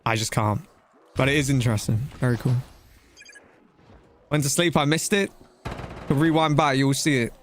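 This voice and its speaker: With slight background noise, a young male game streamer talks to his viewers in a mid-range, fairly even voice at a moderate pace, pausing often. He's chatty and slangy, saying "bro" and "dude" while he plays.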